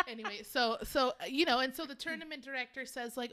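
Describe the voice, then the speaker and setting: A woman co-hosting a casual chat, telling an animated story and swearing freely. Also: high-pitched, fairly quick. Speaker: podcast co-host.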